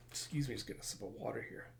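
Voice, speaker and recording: A man's voice: mid-range voice, creaky. Casual, cussing man reading a comic aloud. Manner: casual, profane, with sound effects and laughs. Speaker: comic reader and reviewer. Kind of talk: casual comic book readthrough.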